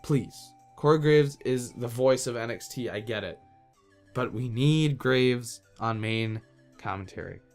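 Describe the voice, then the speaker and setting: A man's voice: medium pitch, a little slow, darkish tone, faint music behind. A man hosting his own podcast, ranting in an exasperated, casual, slangy way. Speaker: podcast host. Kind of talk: solo wrestling podcast rant.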